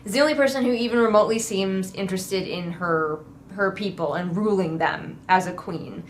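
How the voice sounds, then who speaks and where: A woman's voice: medium pitch, moderate pace, a little hiss or hum. A woman giving a casual, sarcastic book critique, swearing freely and mocking the characters. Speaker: book reviewer.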